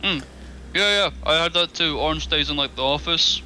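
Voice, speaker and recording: A man's voice: a little high, moderate pace, sharp tone, soft background music, low-quality recording. A man playing in a tabletop game, talking casually and hesitantly, often asking questions. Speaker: player.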